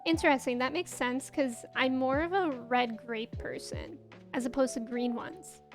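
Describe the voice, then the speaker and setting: A woman's voice: sits high, moderate pace. A young woman streaming a farming game, chatting casually, giggling and greeting her viewers as she plays. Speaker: livestreamer. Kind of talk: casual chat while playing a game. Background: faint game music.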